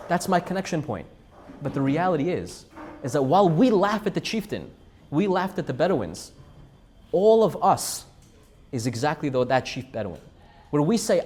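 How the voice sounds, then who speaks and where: A man giving an animated, emphatic sermon and repeating phrases for effect. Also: on the high side, fairly quick, slight background noise. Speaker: Jewish speaker. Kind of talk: storytelling sermon.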